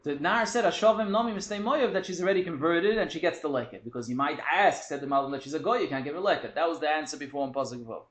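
A man teaching a lively text study class, quick and animated, mixing in Hebrew and Yiddish terms. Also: on the high side, echoey room.

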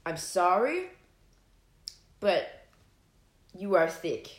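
A woman's voice: on the low side, big pitch swings, drawn-out words, reverberant, exaggerated voice. A woman voicing an awkward, apologetic young male boyfriend who stammers over his words. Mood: fumbling.

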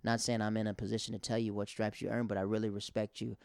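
A man's voice: fairly low pitch, flat delivery, fast, vocal fry, a little mellow, smooth, no echo, studio quality. A young man hosting a podcast, a stand-up comic telling stories in a rambling, conversational way. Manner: rambling, conversational, filler-heavy. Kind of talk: casual monologue.

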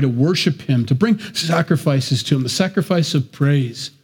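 A man's voice: a little high, darkish tone, slightly rough. A man preaching a sermon to his congregation, talking conversationally with joking asides. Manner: conversational preaching with asides and self-deprecating jokes. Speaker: pastor.

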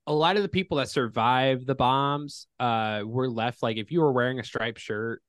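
A man's voice: mid-range voice, normal speed, a bit bright, smooth, no echo, clean studio sound. A young man co-hosting a podcast, chatting casually and bluntly with some swearing. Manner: blunt, curses, jokes around. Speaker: podcast co-host. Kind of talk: casual chat.

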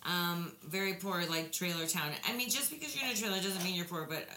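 A woman co-hosts a loose, casual podcast, her voice bright and cutting through as she rambles from one story to the next. She swears freely and laughs her way through anecdotes. The room is echoey, with a faint hiss underneath. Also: lowish voice, fairly quick. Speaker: podcast co-host. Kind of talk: casual chat.

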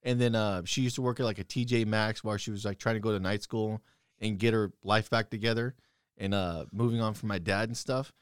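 A man's voice: lowish voice, steady tone, brisk, clean tone, no echo, clean studio sound. A young man telling stories bluntly and profanely in casual chat, quoting his own heated retorts.

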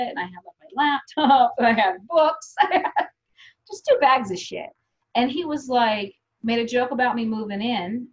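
Blunt, profane woman telling stories. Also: fairly high pitch. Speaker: guest. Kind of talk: candid casual chat. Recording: slightly dull lo-fi audio.

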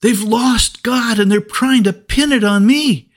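A man voicing a panicked seven-year-old boy, gasping and frantic in a much higher voice. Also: measured pace.

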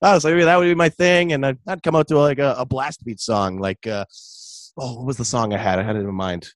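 A young man, a radio host, chatting casually in an interview, relaxed and full of "dude" and "like". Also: medium pitch, a little fast, no room sound. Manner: laid-back, chatty, says "dude" and "like" often. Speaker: radio host and metal vocalist.

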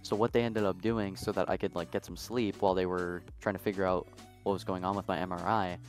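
A man's voice: low voice, level tone, quick pace, faint music behind. A young man co-hosting a podcast, telling a long story in a casual, rambling way full of fillers. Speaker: podcast co-host.

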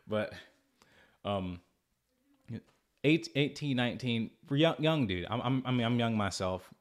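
A man's voice: medium pitch, lively intonation, unhurried. A man in his twenties telling a personal story in a rambling, casual way, often restarting his sentences. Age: 20s. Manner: rambling, restarts often, mimics others in a raised voice. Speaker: vlogger.

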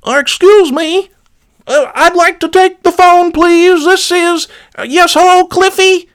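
A man's voice: very high voice, steady tone, unhurried, fairly bright tone, voice pushed up. A man voicing a pompous, fussy doctor character in a comedy voicemail, speaking in a prim, overly polite way.

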